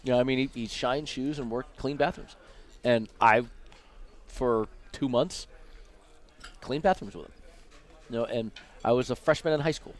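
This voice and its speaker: A man from Las Vegas spins lively anecdotes over dinner. He acts out the people in his stories and talks in an easy, mid-pitched voice. The conversation takes place in a restaurant inside a casino. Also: normal speed. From Las Vegas, USA. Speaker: guest. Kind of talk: casual storytelling over dinner.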